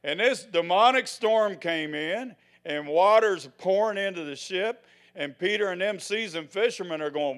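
High-voiced older preacher, dramatic swings. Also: male voice, normal speed, hardly any pauses. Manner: dramatic, swings from loud to hushed; folksy, acts out the scenes he tells. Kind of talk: sermon.

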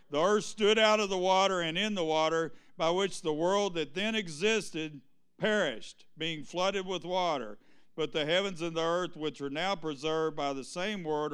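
Male pastor, sermon delivery, clear smooth tone on the higher side, keeps firing questions at the congregation. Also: a bit bright. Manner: preaches with call-and-response questions to the congregation.

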